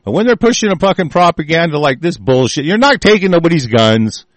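A man's voice: on the high side, big pitch swings, brisk, dry recording. A man from the United States in an angry, profane political rant, full of threats. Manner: furious, profane, shouting threats.

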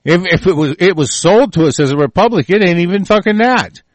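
A man's voice: sits high, expressive, a little fast, no echo. Profane, ranting man with a raised voice. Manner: profane, heated, stumbling ranting. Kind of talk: angry political rant.

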